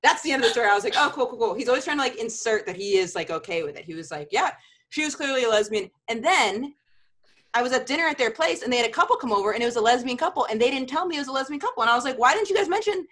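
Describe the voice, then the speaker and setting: Fast-talking woman podcast host. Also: on the high side, expressive, a bit bright. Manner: rapid, rambling, acts out her dad's lines. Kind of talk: casual chat.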